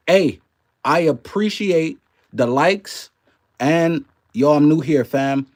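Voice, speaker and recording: A man whose accent blends New Orleans and Canadian hosts a live stream with loose, chatty commentary, swearing freely and greeting viewers by name. His voice is fairly high and animated, slow-paced, with a darkish tone.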